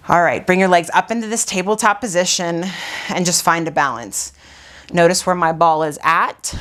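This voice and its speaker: A woman's voice: mid-range voice, a bit bright. Breathless woman leading a pilates class. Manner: breathy, sighing while exercising along. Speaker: pilates instructor. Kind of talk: guided workout instruction.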